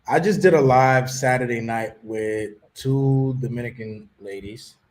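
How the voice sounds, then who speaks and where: A man hosting a casual chat, telling stories in an animated way and dropping Spanish words into his talk. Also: mid-range voice, unhurried. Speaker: host. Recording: roomy echo.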